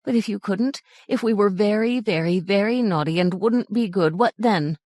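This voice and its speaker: A woman voicing two small girls who plead and sob, lifting her voice higher for them. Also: normal speed, a little mellow, no room sound, studio quality, natural voice. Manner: sobbing, pleading, higher child voice.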